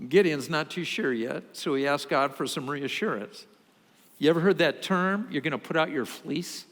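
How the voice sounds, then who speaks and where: A male pastor preaching a sermon, telling a story with lively, acted-out quotes. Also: a little high, moderate pace. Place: church sanctuary. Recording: long hall reverb.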